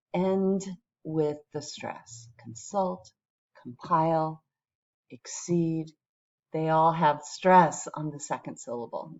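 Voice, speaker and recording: A woman's voice: on the low side, a little mellow, lo-fi sound. A woman teaching English vocabulary in a recorded lesson. She thinks aloud patiently and checks in with her students.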